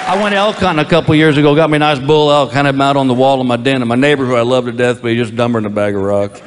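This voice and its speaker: A man's voice: mid-range voice, steady tone, racing, few pauses, big-room sound, a loud crowd, very noisy. A man delivering folksy stand-up anecdotes with dry punchlines. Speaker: stand-up comedian.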